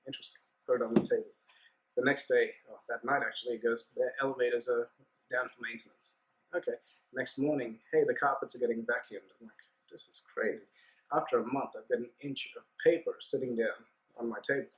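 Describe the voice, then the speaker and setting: A man, a guest on a business podcast, telling his story in a relaxed, chatty way and acting out the dialogue. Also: medium pitch, brisk, rough recording. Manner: animated anecdote-telling with acted-out dialogue. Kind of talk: casual storytelling interview.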